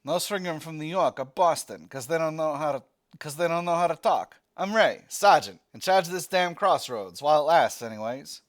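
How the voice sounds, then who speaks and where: A brash, wheeler-dealing army sergeant with a put-on New Jersey accent, as a man puts him on. He talks loud and quick, pitched a little high, always hustling a trade. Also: lively intonation, natural voice. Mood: wheeling-dealing. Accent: attempted New Jersey.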